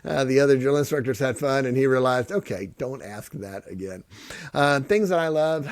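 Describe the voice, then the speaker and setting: Guy hosting his podcast, middle-aged, jokey and sarcastic, goes quiet and earnest then loud, dead dry sound. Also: mid-range voice, moderate pace, dry recording. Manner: joking, sarcastic, swings from loud bits to soft earnest talk. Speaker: podcast host and pastor. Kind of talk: casual podcast monologue.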